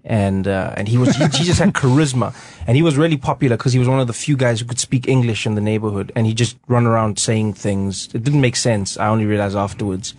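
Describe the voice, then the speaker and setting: A man's voice: medium pitch, quick pace, few pauses, a little mellow. A man with a South African accent, a guest comedian telling stories on a radio talk show. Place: radio studio.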